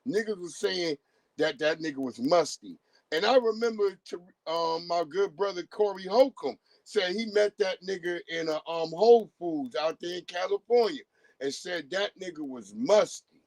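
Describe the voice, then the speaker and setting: A man's voice: sits high, normal speed, darkish tone, no room sound. A man hosting a livestream who talks in casual, profane commentary and acts out the voices of people he quotes. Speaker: livestream host.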